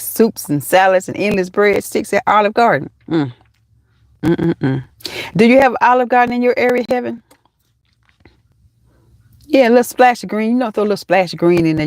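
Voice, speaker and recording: A woman's voice: lowish voice, a little mellow. A middle-aged woman with a Southern accent, hosting a casual live chat from her parked car, folksy and chatty, calling viewers honey and child. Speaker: livestream host.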